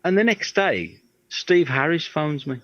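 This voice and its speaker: Middle-aged guest, guitar tech, rambling anecdotes, slips into quoted voices; dry, muffled audio. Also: male voice, fairly high pitch, lively intonation, unhurried, a bit bright, dry recording. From Birmingham, England. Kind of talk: casual storytelling interview. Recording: dry, slightly dull audio.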